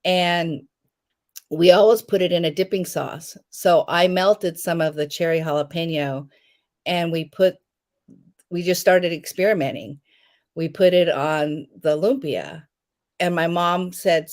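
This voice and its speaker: A woman's voice: fairly low pitch, a little slow, darkish tone. A middle-aged woman chatting in a live interview, telling stories, acting out what people said and laughing often. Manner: chatty storyteller, acts out quotes, laughs often. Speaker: guest, home jam maker. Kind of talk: casual live interview chat.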